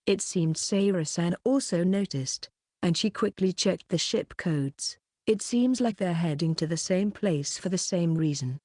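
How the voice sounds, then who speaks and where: A woman reading a light novel audiobook as narrator, in a steady, even delivery that reads the dialogue plainly. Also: on the low side, a little slow, dry recording, clean studio sound. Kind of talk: scripted narration.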